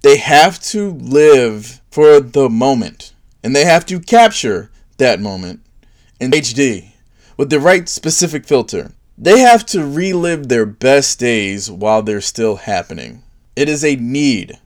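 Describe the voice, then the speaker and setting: A man's voice: expressive, measured pace. A man delivering a sarcastic comedic monologue, dipping into mocking voices for his jokes. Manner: sarcastic, swings into high mocking put-on voices for bits. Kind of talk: stand-up style comedic monologue.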